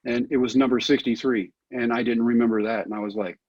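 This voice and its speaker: Middle-aged male guest, earnest storyteller, husky and a bit lo-fi. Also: medium pitch, steady tone, fast talker, a little mellow, no room sound. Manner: earnest, folksy, says "man" often. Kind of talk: storytelling interview answer.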